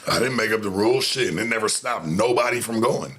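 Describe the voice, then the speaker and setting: A man's voice: on the low side, fast talker, a bit bright. Laid-back profane man telling stories. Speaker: show host. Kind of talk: casual storytelling monologue.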